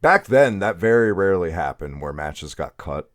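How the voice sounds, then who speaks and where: Wry low-voiced man, dry close sound. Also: big pitch swings, moderate pace, dry recording. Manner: opinionated, wry storyteller. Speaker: podcast guest. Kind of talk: casual chat.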